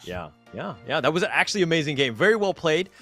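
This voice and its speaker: Teasing, animated esports host man. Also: on the high side. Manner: fast, teasing, lots of fillers. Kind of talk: post-match desk chat. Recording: faint music behind.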